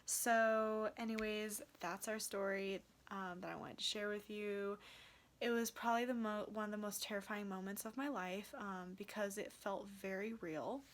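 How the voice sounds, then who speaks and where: A woman's voice: medium pitch, fairly even intonation, normal speed, a little hiss or hum. Young female vlogger, tired and chatty, rambling storyteller full of fillers. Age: young adult. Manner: rambling, heavy use of "like" and "um". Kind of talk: casual storytelling vlog.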